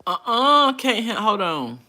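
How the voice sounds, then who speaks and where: A woman's voice: on the high side, big pitch swings, slow pace, bright, forceful tone. A woman in her forties hosting a casual livestream, reading viewer comments aloud and chatting in a folksy way with frequent laughter. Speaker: livestream host.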